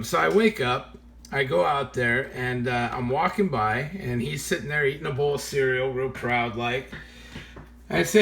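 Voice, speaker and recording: A man telling a funny true story in a casual, animated way, often laughing as he tells it. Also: fairly high pitch, a little slow, creaky.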